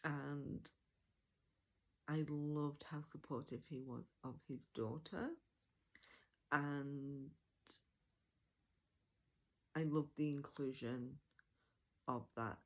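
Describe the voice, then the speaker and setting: A woman's voice: deep voice, fairly even intonation, drawn-out words, long pauses. A woman giving a casual, chatty audiobook review, enthusiastic and full of fillers and self-corrections.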